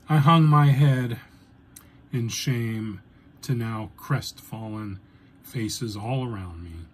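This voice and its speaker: A man telling a first-person story in a deliberate, dryly humorous way. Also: on the low side, slight background noise.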